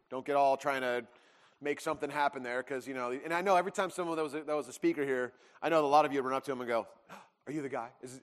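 A man's voice: medium pitch, fairly bright tone. A man in his thirties, a pastor telling his own story to a congregation, rambling with restarts and acting out quotes. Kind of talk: personal testimony to a congregation. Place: church sanctuary. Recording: long hall reverb.

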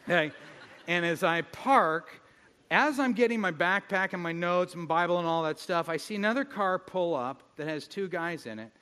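Male pastor, middle-aged, lively storytelling sermon, slightly high voice, long reverb. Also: moderate pace, smooth. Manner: animated storytelling with self-mocking humor. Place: church hall.

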